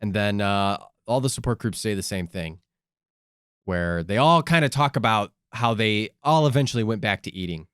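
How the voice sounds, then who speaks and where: A man's voice: fairly low pitch, normal speed, fairly bright tone, clear, resonant tone, no echo, studio quality. Crude, sardonic male podcast co-host. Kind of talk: casual podcast chat.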